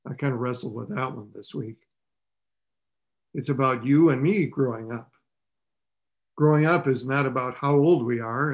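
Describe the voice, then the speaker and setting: A man preaching a sermon in a conversational way, asking the listeners rhetorical questions. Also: vocal fry. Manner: voices the characters' lines with rising pitch.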